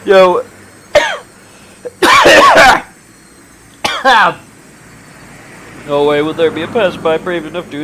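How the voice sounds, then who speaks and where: Let's play host, man, high and animated, reads the story aloud, laughing asides, traffic noise behind. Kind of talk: reading a visual novel aloud with commentary.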